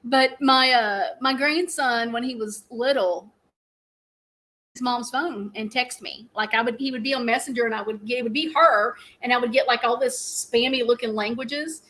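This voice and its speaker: A woman's voice: a little high, moderate pace, sharp tone, rough recording. A middle-aged woman, hosting a casual live stream and telling rambling stories with frequent laughs. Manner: chatty, rambling storyteller, laughs often.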